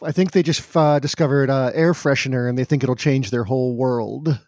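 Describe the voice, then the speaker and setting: A man's voice: mid-range voice, fairly quick, darkish tone, no echo, clean studio sound. A man playing a tabletop role-playing game, joking about what his character says. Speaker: player. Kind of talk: casual tabletop role-play.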